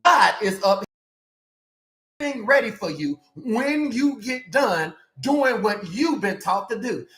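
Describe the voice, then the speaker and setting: A man in the role of a life coach, giving an animated, preachy motivational sermon with repeated calls to his listeners. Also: high voice, slow pace. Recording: echoey room with faint music.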